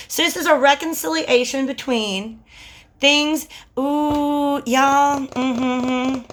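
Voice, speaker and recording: A woman's voice: high voice, fairly bright tone. Chatty, slangy woman tarot reader. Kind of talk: casual tarot reading vlog.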